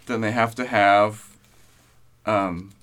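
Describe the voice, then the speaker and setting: A man's voice: on the low side, steady tone, slow pace, fairly bright tone. A man co-hosting a casual podcast chat who laughs often and quotes people in character.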